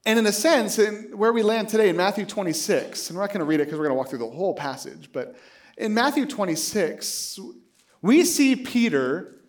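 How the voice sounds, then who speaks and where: A man in his late thirties preaches with a high, bouncing voice that swings widely in pitch. He tells stories animatedly, acting out both sides of a conversation and laughing easily as he goes. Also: a little fast. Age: late 30s. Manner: animated storytelling, acts out both sides of the dialogue; laughs often while speaking. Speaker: pastor. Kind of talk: sermon.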